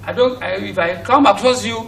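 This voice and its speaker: A man's voice: high voice, a little fast, vocal fry, a bit bright, recorded from a distance, a little hiss or hum, low-quality recording. A man with a Nigerian accent teaching an English lesson. He drills pronunciation by asking questions and repeating each word. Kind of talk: recorded classroom lesson for students at home.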